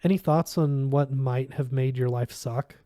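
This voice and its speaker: A man's voice: medium pitch, fairly even intonation, unhurried, mellow, no room sound, clean studio sound, natural voice. A man reading aloud, voicing a blunt, chain-smoking older woman who talks brusquely and directly.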